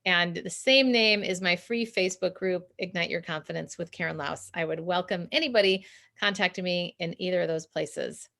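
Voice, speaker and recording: A woman's voice: on the low side, normal speed, vocal fry, hardly any pauses. Upbeat woman coaching on a video call. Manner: warm, laughs often while explaining. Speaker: guest, communication consultant. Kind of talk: interview answers, coaching advice.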